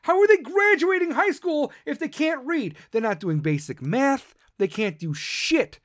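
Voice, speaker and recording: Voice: high voice, animated, unhurried, no room sound, clean studio sound. A podcast host delivering a profane, combative political rant.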